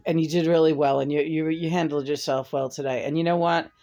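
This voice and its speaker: A woman's voice: deep voice, steady tone, brisk, dark tone. A middle-aged woman venting in a profane personal rant to her camera, her voice jumping up in angry bursts. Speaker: vlogger.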